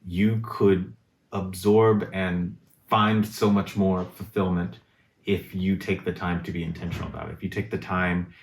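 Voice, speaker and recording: A man's voice: deep voice, level tone, a little slow, a little hiss or hum. A man talking in a reflective casual conversation, thinking aloud and searching for his words. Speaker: guest in a conversation on relationships. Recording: roomy echo.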